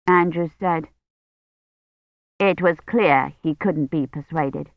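Slow, measured audiobook reader. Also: medium pitch, dry recording. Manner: measured, even reading. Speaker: audiobook narrator. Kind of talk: scripted narration. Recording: dry, dull lo-fi sound.

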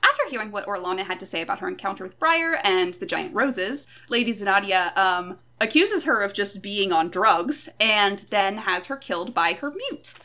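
Woman, podcast co-host, casual book recap, wry asides, bright tone. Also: mid-range voice, animated, moderate pace, hardly any pauses.

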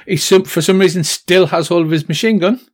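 Guy running a tabletop game, bit high voice, lots of ums and chuckles. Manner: halting, full of ums and little laughs. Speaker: game master.

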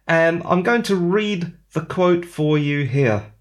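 A man's voice: a little high, lively intonation, slow. A man hosting a solo podcast, giving opinionated, conversational commentary with rhetorical questions. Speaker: podcast host.

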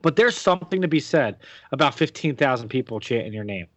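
A man's voice: medium pitch, lively intonation, brisk, a bit bright, no room sound, dull audio. A man hosting a casual wrestling podcast, opinionated and rambling, with casual swearing. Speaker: podcast host.

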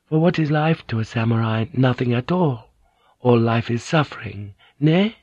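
A man's voice: mid-range voice, no room sound, highs cut off, close to an everyday voice. A man reading an audiobook and voicing a composed, dignified noblewoman and devoted wife. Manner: grave and restrained.

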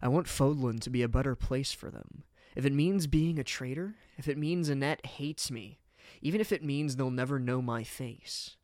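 Man reading a curt, gruff young swordsman. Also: medium pitch, normal speed, a little mellow, no echo, clean studio sound, natural voice. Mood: resolute. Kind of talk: storybook reading.

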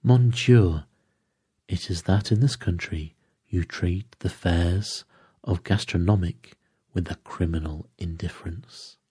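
Man putting on a fussy dapper detective, audiobook voice, precise, high exclamations, husky, dry close recording. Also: slow, dark tone, dry recording, exaggerated voice. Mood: fussy, animated. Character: fussy, dapper middle-aged male Belgian detective. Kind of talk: audiobook character voice.

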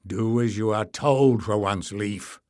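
A man voicing a grim, stern warrior who speaks slowly and dryly. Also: on the low side, no room sound. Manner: grim, slow, dry.

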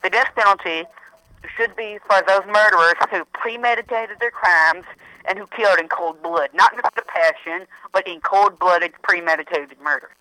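A man co-hosting a podcast, with a high, very bright and piercing voice. He argues emphatically and presses his point. The sound is close and dry, with no room echo. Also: moderate pace. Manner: emphatic, argumentative. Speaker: podcast co-host. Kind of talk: casual podcast debate.

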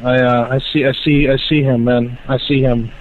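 A man's voice: medium pitch, little pitch movement, normal speed. Stammering male caller on a phone line. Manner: stammering, hesitant. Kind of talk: phone chat with a radio host.

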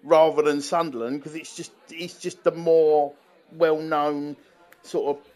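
A man chats on a podcast in a fairly high voice. He stalls often and repeats words as he gets his thoughts out. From London. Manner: halting, repeats words, animated. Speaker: podcast co-host. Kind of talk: casual chat.

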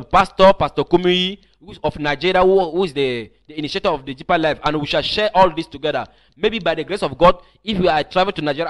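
A man's voice: high voice, fairly bright tone. A man preaching an online teaching sermon, emphatic and often repeating or restarting his phrases.

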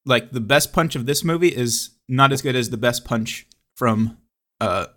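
A man's voice: mid-range voice, moderate pace, bright, forceful tone. A man hosting a casual movie podcast, wry and joking. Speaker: podcast host.

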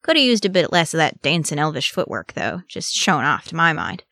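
A woman putting on a gruff, scolding old dwarf drill master. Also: sits low, very animated, brisk, no echo, clean studio sound, heavily acted. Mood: grudging. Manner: sharp, scolding, grudging. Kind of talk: audiobook character voice.

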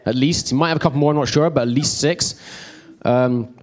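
A man's voice: medium pitch, fairly quick. Chatty man teaching a church group. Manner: chatty, rambling, checks in with the room. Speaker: preacher.

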